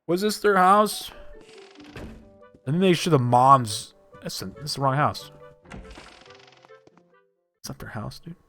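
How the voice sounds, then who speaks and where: A man's voice: medium pitch, very animated, slow, pauses often, pushed and bright, faint music behind. A man streaming live gameplay, joking, swearing and rambling in asides.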